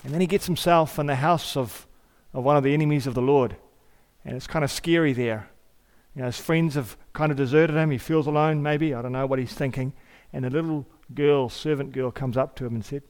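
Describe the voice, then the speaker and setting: A man's voice: mid-range voice, steady tone, a little fast, darkish tone. A male pastor preaching a sermon in a church. He talks conversationally, asks rhetorical questions and repeats key phrases. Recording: long hall reverb.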